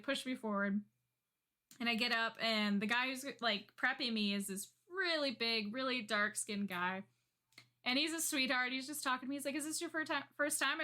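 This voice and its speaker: A woman co-hosting a podcast, telling stories in casual chat with an animated manner and frequent laughter. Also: on the high side. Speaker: podcast co-host.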